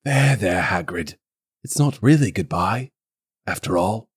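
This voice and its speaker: A calm old wizard headmaster speaks in a hushed, gentle murmur, played by a man. The try at a British accent is soft and a little shaky. It is a comedic podcast read-through. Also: on the high side, measured pace, pitched above the performer's own voice.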